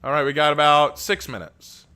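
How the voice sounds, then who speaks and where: Male streamer, casual live chat, bright tone, jokey and quick to laugh. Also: on the high side, fairly even intonation. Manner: chatty, joking, laughs often, restarts words.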